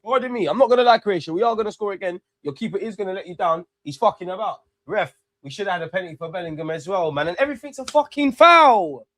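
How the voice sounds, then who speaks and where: A man hosting a live football watch-along, ranting excitably and swearing freely into a close mic. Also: high voice, fast, hardly any pauses, no room sound.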